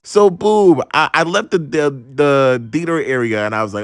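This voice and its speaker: A man's voice: fairly high pitch, moderate pace, hardly any pauses, smooth, no room sound, studio quality. A young man in his twenties from Maryland, telling a story casually with lots of slang and swearing. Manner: animated, profane, slangy, exclaims "bro" a lot. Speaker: storytime vlogger.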